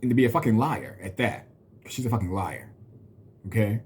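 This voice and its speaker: A vlogger in his thirties rants to camera about a personal story, blunt, profane, and venting, sometimes mocking others in quoted voices. His voice is lowish, darkish, and slightly rough, and he talks a little fast.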